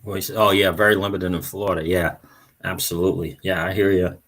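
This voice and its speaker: A man's voice: deep voice, level tone, brisk, a bit bright. A man hosting a crypto livestream, chatting casually, greeting viewers by name and repeating phrases. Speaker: crypto channel host.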